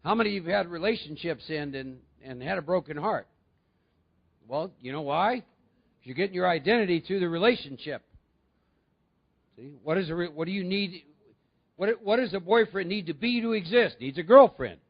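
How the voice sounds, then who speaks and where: High, gravelly man addressing a meeting. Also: lively intonation, normal speed, pauses often, dull audio. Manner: conversational, asks the audience questions. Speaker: recovery speaker. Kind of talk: talk to a recovery meeting.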